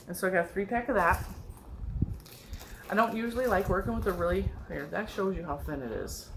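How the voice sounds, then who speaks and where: A middle-aged woman with a nasal, stuffed-up voice excitedly showing off her yarn haul in a casual video, gushing and laughing often. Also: on the low side, moderate pace, noisy background. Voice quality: nasal from a cold. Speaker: yarn and crochet vlogger. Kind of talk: excited casual show-and-tell.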